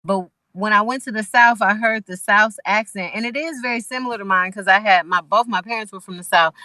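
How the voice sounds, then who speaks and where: Over a video call, a guest musician from Los Angeles, USA, chats casually, talkative and thoughtful, often restarting her sentences. Her medium-pitched voice is bright and forceful and moves a little fast. There's no echo, but the audio quality is poor.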